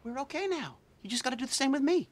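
A man's voice: very high voice, expressive, noisy background. An impulsive man pleading with his friend. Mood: coaxing. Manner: pleading, then quick to swear. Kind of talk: film comedy acting.

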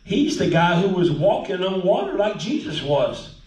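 A high-pitched man preaches a folksy, animated sermon, dropping in hallelujahs and amens. His voice rings through an echoey church sanctuary, picked up from a distance. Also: moderate pace. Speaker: pastor.

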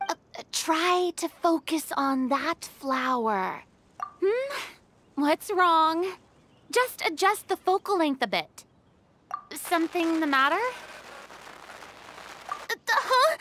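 A self-assured young film director barks orders on set in a very high, bright voice, as a woman plays her. She is theatrical and bossy, her pitch bouncing all over. This is a fan voice dub. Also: slight background noise, heavily acted. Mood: flustered.

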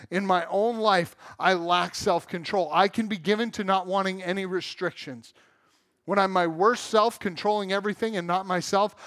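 A middle-aged man from Southern California preaches in a church with a high, bright-pitched voice. The sound is dry and close. He is candid and self-mocking, and he acts out the voices of people he quotes. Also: no echo. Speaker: pastor. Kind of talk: sermon. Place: church sanctuary.

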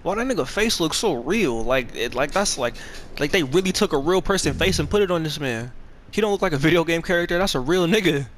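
A man's voice: on the high side, lively intonation, fairly quick, fairly bright tone, a little hiss or hum. A man giving casual gameplay commentary, rambling along in profane, slangy, laid-back talk. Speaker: gamer streaming a playthrough.

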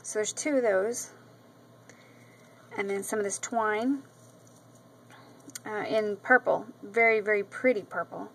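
A woman's voice: medium pitch, measured pace, pauses often, fairly bright tone, a little hiss or hum, poor audio. A woman vlogger chatting casually about craft mail she received, gushing often and filling her talk with ums and repeats. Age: adult with a daughter. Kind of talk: casual show-and-tell vlog. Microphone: camera mic.

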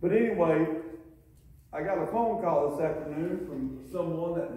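A man's voice: a little high, normal speed, warm tone. A man pastor giving a church sermon, telling folksy stories and laughing often. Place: church sanctuary. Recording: echoey church from far off.

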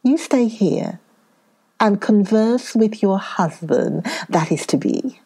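A crafty male hare from a storybook , put on by a woman narrator, his voice soft and dark. He coaxes in a slow, sly drawl, and his pitch rises and falls a lot. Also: lively intonation, husky, exaggerated voice. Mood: coaxing. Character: crafty scheming male hare, smooth talker.

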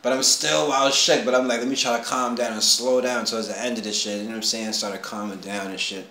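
A man telling a personal story in casual street slang, animated, dropping low and then rising to excited shouts. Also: brisk. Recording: roomy echo, faint background hum.

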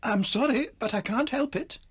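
A woman voicing an earnest, polite little male doll who is a bit flustered, in an animated series. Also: a little high, moderate pace, husky. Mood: indignant.

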